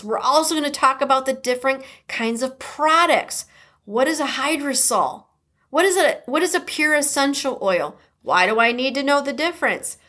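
A woman's voice: high voice, fairly bright tone. A woman with a Midwestern accent hosting a podcast, chatty and upbeat, reading her intro and sponsor message with playful asides. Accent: American Midwestern. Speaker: podcast host.

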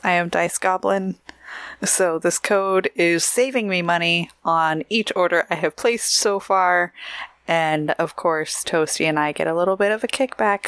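A woman co-hosting a podcast in casual chat, giggly and chatty, reading out shout-outs and promos. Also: on the low side, smooth, dry recording, studio quality. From Oregon, USA. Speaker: podcast co-host.

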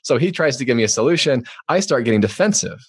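A man's voice: mid-range voice, fast, slightly rough, no echo, studio quality. A man, an author and podcast guest, talking candidly and reflectively in a conversational interview. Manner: candid, reflective, animated when acting out quotes.

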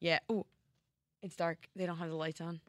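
A woman's voice: fairly low pitch, level tone, dry recording, studio quality. A woman co-hosting a podcast in casual, playful, teasing chat. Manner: playful, teasing, quick to joke. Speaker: podcast co-host.

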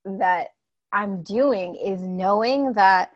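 A woman's voice: medium pitch, very slow, no echo, highs cut off. A woman money coach hosting an interview, gushing, tearful at times and swearing casually. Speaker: money coach and podcast host. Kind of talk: emotional conversational interview.

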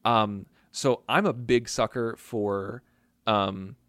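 A man with a lowish voice chats casually on a podcast, rambling from one thought to the next. He teases his partner and mocks himself, peppering his talk with "like". The recording is dry and close-miked. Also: steady tone, slow, fairly bright tone, no room sound. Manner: rambling, teasing, self-mocking, lots of fillers like "like". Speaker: podcast co-host.

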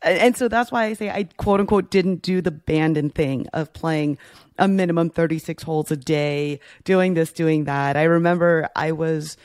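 Lively storytelling man, dry close mic. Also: on the high side, moderate pace, dry recording. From Florida. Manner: animated storyteller, acts out quoted voices. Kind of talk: casual chat.

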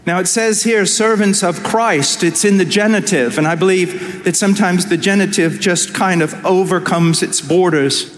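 A man preaching a conference sermon with passion, dropping to hushed, slow lines and rising to loud cries. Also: high-pitched. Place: conference hall. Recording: large hall with long reverb and faint ambience.

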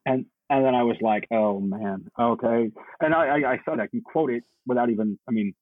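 A male podcast co-host chatting in a halting, earnest way, often repeating words as he gets emotional. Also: mid-range voice, no room sound. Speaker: podcast co-host, Navy chief. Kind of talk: casual chat. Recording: husky voice over a tinny phone-like line.

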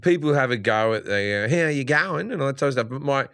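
A man's voice: medium pitch, fast, a bit bright, clear, resonant tone, dry recording, clean studio sound. A middle-aged Australian man, a guest comedian in casual podcast chat, who tells stories with voiced quotes and swears freely.

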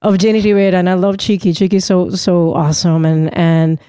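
A woman's voice: fairly low pitch, level tone, a little fast, dark tone, clear, resonant tone, dry recording, studio quality. A woman hosting a casual interview, gushing over her guests as an enthusiastic fan. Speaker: podcast host.

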